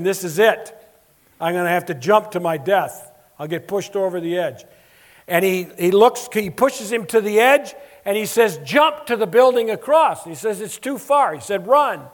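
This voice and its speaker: A man with a notably high voice preaches to a congregation, moving through stories in an animated way. He acts out the voices of the people he quotes as he tells each story. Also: moderate pace. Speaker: preacher and Bible teacher. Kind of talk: sermon with storytelling.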